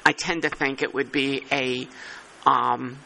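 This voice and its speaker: Bright-voiced man chairing a meeting. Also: mid-range voice, level tone, slow pace, gravelly, rough recording. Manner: thinking aloud, self-deprecating. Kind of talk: working-group meeting discussion.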